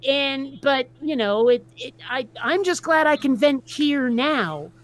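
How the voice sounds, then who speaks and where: A woman's voice: sits high, lively intonation, slow pace. A woman from Vermont venting bluntly in a casual group video chat, stumbling over her words as she restarts sentences. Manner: blunt, ranting, frequent restarts. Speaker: atheist video creator.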